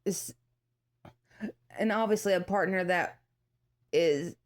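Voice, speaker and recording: A woman in her thirties talks casually to her viewers in a fairly low voice. She rambles with plenty of fillers and restarts, and she acts out the voices of the people in her story. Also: takes it slowly. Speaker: vlogger.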